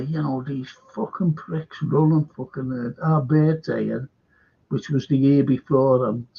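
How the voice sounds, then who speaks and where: A man with a Liverpool accent rants to his live stream, cursing constantly as he rambles from one grievance to the next. His voice sits a little high and sounds gravelly and husky. The audio is dull and lo-fi. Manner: swears heavily, rambling and heated. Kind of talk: casual rant to a live stream.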